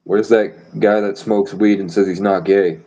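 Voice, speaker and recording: A man's voice: fairly low pitch, steady tone, normal speed, warm tone, dull audio, slight background noise. A man rambling boastfully and provocatively on a live stream.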